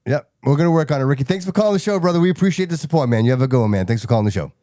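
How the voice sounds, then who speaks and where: A man's voice: medium pitch, expressive, very fast, warm tone, no room sound, clean studio sound. A man hosting a live show, talking casually and chummily with guests and callers. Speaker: host.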